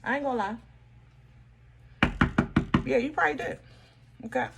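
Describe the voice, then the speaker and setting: A woman's voice: high voice, normal speed, creaky, very noisy. A woman from Pennsylvania giving a casual tarot reading, blunt and emphatic, with frank, folksy speech aimed straight at the viewer. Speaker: tarot reader.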